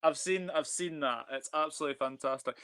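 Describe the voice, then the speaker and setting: Bright, smooth-voiced football host. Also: male voice, on the high side, fairly quick. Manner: upbeat, chatty, reads viewer comments aloud. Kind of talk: casual live-stream football chat.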